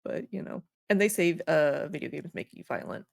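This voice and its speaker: A woman co-hosting a casual podcast chat, telling animated stories with squeaky acted-out voices, casual swearing and frequent laughs. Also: normal speed, gravelly, no echo, studio quality. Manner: animated storytelling, acts out villagers in high squeals. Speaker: podcast co-host.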